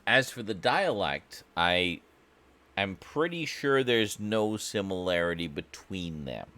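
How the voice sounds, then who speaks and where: A Canadian man chats casually on a live stream, joking and mocking himself while talking to a chat that isn't there. His low voice has a sharp tone and lively intonation, and he takes it slowly.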